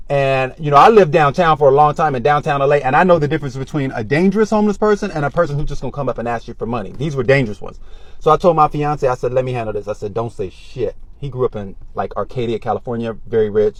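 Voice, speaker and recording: High-voiced man telling a street story. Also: no echo. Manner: animated, acts out other people's voices; loud speaking voice. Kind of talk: casual storytelling.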